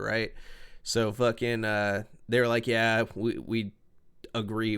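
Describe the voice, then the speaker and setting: A man in his twenties, a musician guest, telling stories in a casual, profane, animated way with bursts of laughter. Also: fairly low pitch, clean tone. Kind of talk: casual storytelling.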